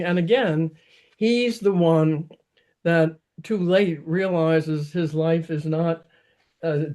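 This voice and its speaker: A man's voice: on the high side, dark tone. A man giving an informal talk about an opera, rambling with frequent restarts. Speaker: opera lecturer.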